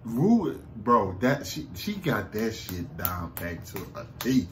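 A man with a Southern American accent recapping a TV episode in a casual, excited, profane way, laughing often, slumped low in a seat at home. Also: slow pace, slight background noise. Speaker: TV review vlogger.

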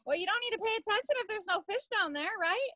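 A woman's voice: very high-pitched, expressive, quick pace, bright, forceful tone, no room sound, low-quality recording. A woman hosting a virtual wine class, upbeat as she thanks the guest and explains pre-orders. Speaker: wine shop class host. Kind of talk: casual chat on a video call. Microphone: video call.

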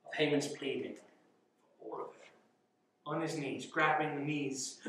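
A young man leading a youth Bible study, teaching in an animated way with rhetorical questions and frequent chuckles. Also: on the high side, normal speed. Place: church youth room. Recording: echoey room, mic far off.

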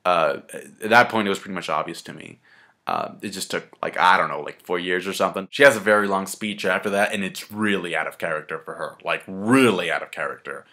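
A man with a low-set voice and a bright, forceful edge reviews a comic chapter in a casual chat. He talks excitably and slangily, swearing freely and piling on fillers as he goes. It is a home video review. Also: brisk. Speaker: manga reviewer.

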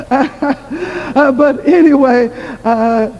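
In a church hall with long reverb, a woman preacher tells a funny story during her sermon, chatting along and often laughing at herself. Her voice is high-pitched and a bit mellow, and the audio is dull with slight background noise.

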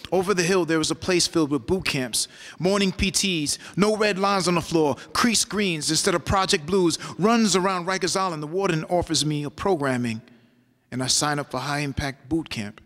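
A man performs spoken-word poetry on a lecture-hall stage, riding a rhythmic, rhyming flow. His voice sits somewhat high. The hall gives every line a long reverb tail. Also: a bit bright.

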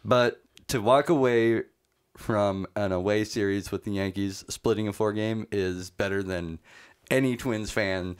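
A man's voice: on the low side, unhurried, clear, resonant tone. A man co-hosting a casual sports podcast, recapping games in a chatty way with many fillers.

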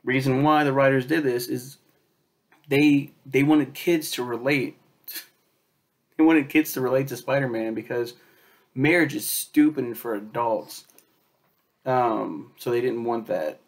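A man reviewing a superhero film in a loose, rambling way, swearing often and filling pauses with um and like. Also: medium pitch. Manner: rambling, profane, lots of fillers and quoted asides.

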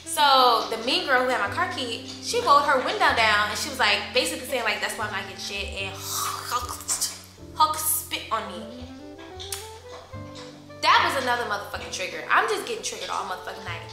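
A woman vlogger in telling a story to the camera in a lively, profane way, acting out what others said. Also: a little high, fairly quick. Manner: animated, profane, acts out quoted voices. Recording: echoey room with loud music behind.

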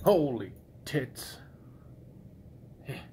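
A man's voice: mid-range voice, big pitch swings, very slow, mellow, a little hiss or hum. A man lingers over every word as he chats to his pet at home. His talk is teasing and full of casual swearing. He sounds close to the phone that is filming. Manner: teasing, profane baby-talk to an animal. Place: indoors at home.

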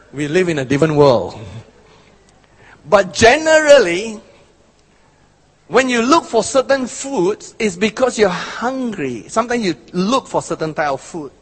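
A man's voice: sits high, big pitch swings, breathy edge. A man preaching a sermon, stretching out key words and then pressing hard on others. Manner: emphatic, drawn-out phrasing with bursts of force. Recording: hall reverb.

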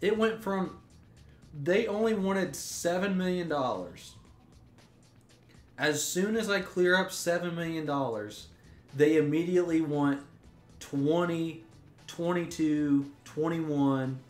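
A man's voice: fairly high pitch, slow, pauses often, a little mellow. A young man giving gameplay commentary, ranting in exasperation, swearing and restarting his sentences. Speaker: gaming YouTuber. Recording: roomy echo with faint music.

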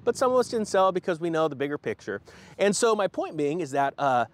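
Animated man hosting a crypto vlog. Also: on the high side, fairly quick. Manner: animated and jokey, mocks companies in put-on voices. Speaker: host of a crypto finance channel. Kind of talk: casual vlog commentary.

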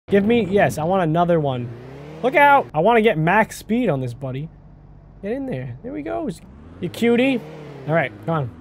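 A man hosting a gaming channel, giving excitable let's-play commentary into a desk microphone, yelping and shouting at surprises. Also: fairly high pitch, a little hiss or hum.

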